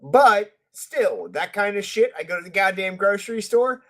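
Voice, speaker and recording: A man's voice: sits high, lively intonation, normal speed. A man ranting heatedly on a casual podcast, swearing a lot. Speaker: podcast co-host. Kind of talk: casual profane chat.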